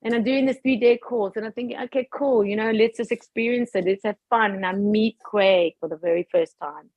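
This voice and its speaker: A woman on a group video call, telling a personal story in a casual, animated way, laughing often and acting out her own past thoughts. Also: medium pitch, brisk, no echo, highs cut off. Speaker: participant sharing a testimony on a group call.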